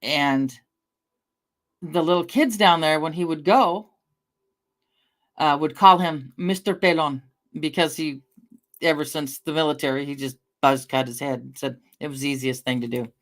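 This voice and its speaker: A woman's voice: deep voice, normal speed, pauses often. A middle-aged woman from the Northwest drifts from one anecdote to the next as she talks to her stream. She swears offhandedly and breaks off to answer viewers. Her tone is loose and conversational. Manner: rambling storyteller, swears casually, talks to chat. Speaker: livestreamer. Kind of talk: casual livestream chat.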